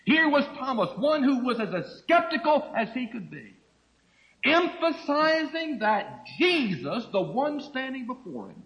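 A man's voice: very high-pitched, very animated, measured pace, lo-fi sound. A middle-aged man preaching a sermon, teaching through a Bible passage and acting out the quoted speech.

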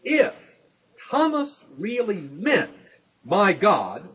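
A man delivers an expository sermon, explaining each point step by step. His voice is husky and sits a little high, with big swings of pitch as he leans on the key words. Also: wildly swooping pitch, a bit bright, low-quality recording. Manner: deliberate and emphatic, slowing down to stress key words; explains step by step with everyday illustrations. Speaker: Bible teacher.

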